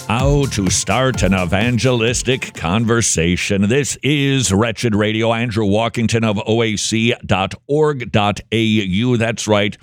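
A man's voice: fairly low pitch, dry recording, faint music behind. A man hosting a radio show, chatting casually and teasing his guest with dry jokes. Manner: joking, teasing, quick back-and-forth. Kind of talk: casual interview chat.

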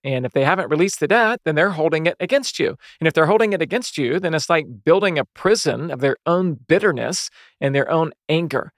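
Earnest male radio host and counselor, slightly high voice, dry close studio sound. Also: lively intonation, a little fast, hardly any pauses, dry recording. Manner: earnest, explains step by step with scripture. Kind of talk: radio teaching on faith.

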